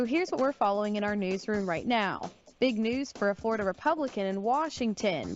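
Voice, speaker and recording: A woman reporter reading a scripted news bulletin in a crisp, even newsreader delivery. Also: medium pitch, muffled recording.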